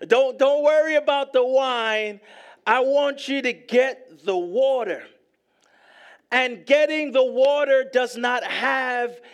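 A male pastor preaching a sermon, emphatic and repetitive, rising at times to shouts. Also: sits high.

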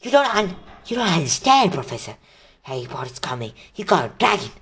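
A man voicing a whiny, spoiled schoolboy tattletale in a storybook reading, pleading in a high whine. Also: big pitch swings, brisk, fairly bright tone, breathy edge, heavily acted.

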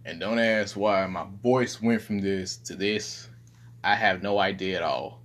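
A young man, rambling casually and profanely in a low-key, self-deprecating way. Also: steady tone, unhurried, a bit bright, slight background noise. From Southern United States. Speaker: vlogger.

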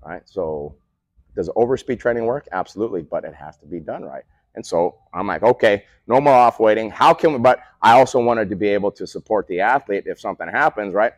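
A man's voice: lowish voice, a little fast, no room sound. A man who co-owns a speed training facility, explaining training methods in a casual interview and checking in with "right?" after his points. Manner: peppers points with "right?" tag questions; animated, coach-like storytelling. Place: remote call.

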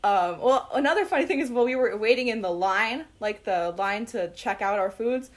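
Young woman, slightly high voice, eager and giggly anecdote teller. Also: a little fast. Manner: excited, giggly, lots of fillers. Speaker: guest telling a story. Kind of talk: casual storytelling.

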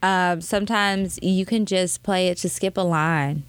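A woman's voice: on the low side, steady tone, measured pace, clear, resonant tone, dry recording. Young woman, podcast co-host, frank and playful, dry close sound. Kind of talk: casual chat.

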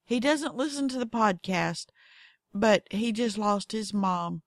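A woman with a Southern accent talks slowly and folksily, hosting her own podcast. Her voice has a gravelly, fry-tinged edge. It is recorded dry and close, with no room sound. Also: mid-range voice, no room sound. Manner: goofy, folksy, acts out her cats in voices. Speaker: podcast host. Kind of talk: casual storytelling monologue.

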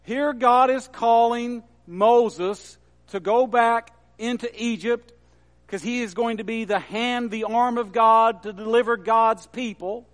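High-voiced preacher in a reverberant hall. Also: male voice, fairly even intonation. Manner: measured preaching, quoting scripture with emphasis. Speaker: pastor. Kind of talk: sermon.

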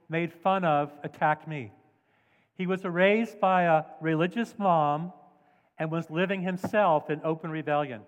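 A man's voice: high-pitched, long reverb tail. A man preaching a sermon as pastor, telling stories with animation and acting out the voices of people he quotes. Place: church sanctuary.

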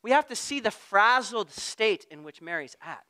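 A man preaching a sermon in a conversational way, at times getting loud and at times dropping to a hush. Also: high-pitched, animated, moderate pace, smooth. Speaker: pastor.

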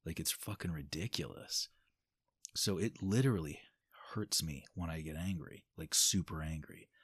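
A man's voice: rumbling low, normal speed, slightly rough. A man talking candidly in a casual podcast conversation, swearing freely and laughing often.

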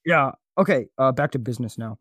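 A man hosting a comedy podcast, goofy and flustered, his voice jumping up high when he panics. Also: a little fast, a bit bright, slightly rough, no echo, clean studio sound. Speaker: podcast host. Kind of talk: comedic casual chat.

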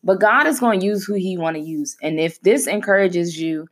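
A woman in her thirties speaks in a slightly low voice as a podcast host. Her talk is candid and heartfelt, loose and conversational, and she leans on repeated phrases to drive each point home. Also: normal speed. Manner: conversational and heartfelt, with emphatic repetition.

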